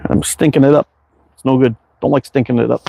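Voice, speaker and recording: A man's voice: medium pitch, fairly even intonation, quick pace, gravelly, mellow, slight background noise. A man hosting a casual livestream from his backyard, reading viewer chat in an easygoing, rambling way with plenty of fillers. He sounds tired and worn out. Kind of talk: casual live chat while target shooting.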